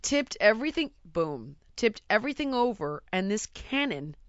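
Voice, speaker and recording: A woman telling an anecdote in casual chat, animated and acting out quotes, often checking in with "right?". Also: medium pitch, moderate pace, no room sound, lo-fi sound. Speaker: storyteller guest.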